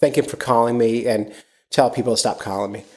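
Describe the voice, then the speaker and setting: A man's voice: medium pitch, fairly even intonation, a little fast. Chatty man hosting a fishing podcast. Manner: rambling, chatty, many fillers and restarts. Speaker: podcast host. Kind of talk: casual chat.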